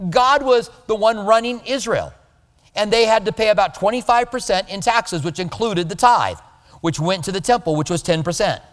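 Guy preaching, kinda high voice, lively, big echoey hall sound. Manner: animated, mimics voices of others. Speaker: pastor. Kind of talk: conversational sermon.

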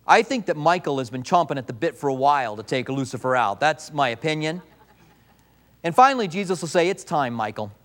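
High-voiced male pastor preaching animatedly. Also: a little fast. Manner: animated, acts out quoted voices, repeats key lines for emphasis. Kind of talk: sermon.

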